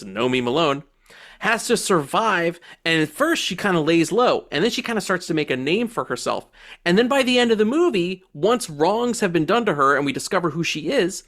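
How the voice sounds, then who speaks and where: A high-pitched man with a lively, swooping voice, chatting casually as a movie podcast co-host. He talks loose and profane, cracking jokes and throwing himself into bits, with his pitch jumping up and down as he riffs. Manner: animated, profane, jokey, acts out movie quotes. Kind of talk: casual movie review chat.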